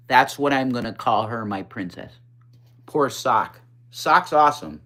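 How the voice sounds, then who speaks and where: Male streamer, mid-pitched, blunt and foul-mouthed, rambling casual chat to viewers over a phone. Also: a little slow. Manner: blunt, profane, chatty, swings up in pitch when excited. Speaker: livestream host. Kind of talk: casual livestream chat reading comments.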